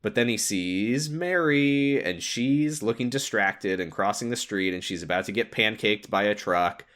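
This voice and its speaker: A man co-hosting a podcast, casually retelling movie scenes and acting out the characters in quick put-on voices. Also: lowish voice. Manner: animated, acts out characters in funny voices while retelling scenes. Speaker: podcast co-host. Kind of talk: casual recap chat.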